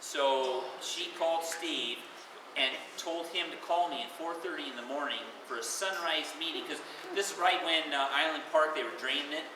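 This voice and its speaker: Man at his retirement party, chatty rambling stories, fairly high voice, echoey hall, far from the mic. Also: moderate pace, noisy background. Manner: chatty, full of filler and restarts, laughing. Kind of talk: casual storytelling.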